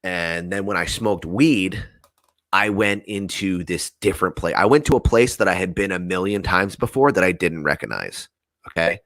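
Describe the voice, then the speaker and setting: A young man from New Jersey, telling a story in casual podcast chat, animated and swearing freely as he acts out the voices of people in it. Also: low-pitched, moderate pace, no room sound.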